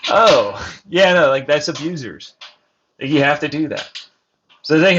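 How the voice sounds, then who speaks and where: Brief: young man, vlogger, heated rambling rant, slightly high voice, dull lo-fi recording with steady noise behind. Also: a little slow, long pauses. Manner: agitated, swearing, mimics others in heated back-and-forth. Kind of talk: rambling personal vlog rant. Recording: dull lo-fi audio with clear background noise.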